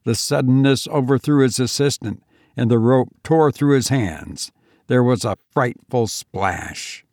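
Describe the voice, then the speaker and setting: Storyteller, male, measured and slow, gravelly tone, dry close sound. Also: mid-range voice, darkish tone, dry recording. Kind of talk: scripted narration.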